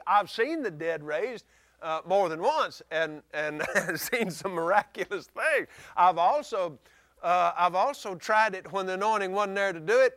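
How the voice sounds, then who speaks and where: A male preacher giving a folksy sermon, chuckling often and rising into shouts. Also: high voice, dry recording, studio quality.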